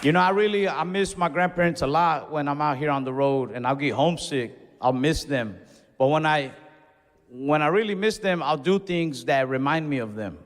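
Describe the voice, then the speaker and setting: A man's voice: a little high, moderate pace, some chatter behind. A young man performing stand-up, telling casual, conversational stories with Spanish asides. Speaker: stand-up comedian. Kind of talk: stand-up routine. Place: comedy club stage before a laughing audience. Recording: live stage mic with long hall reverb.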